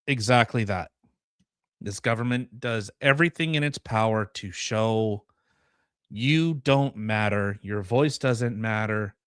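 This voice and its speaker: Man, podcast co-host, bright forceful voice, dry close sound, sarcastic commentary. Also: medium pitch, clean tone, no room sound. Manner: reads news articles aloud with blunt sarcastic asides. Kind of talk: casual political commentary.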